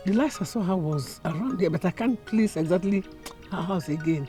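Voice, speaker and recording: A woman's voice: on the low side, animated, fairly quick, mellow, faint music behind, natural voice. A woman with a Nigerian English accent acting in a film drama, politely asking for directions. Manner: polite, pleading inquiry.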